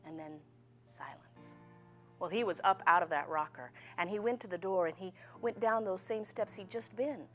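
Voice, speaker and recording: A woman's voice: medium pitch, fairly quick, few pauses, faint music behind. A woman storyteller telling a ghost story in a suspenseful way, her voice sinking toward a whisper at tense moments. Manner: suspenseful, dropping to near-whispers.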